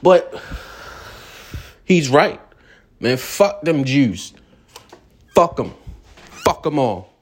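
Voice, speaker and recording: A man's voice: on the high side, sing-song, extremely slow, pauses often. A man hosting a ranting vlog segment, talking in a profane, drawling way while smoking. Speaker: vlog host.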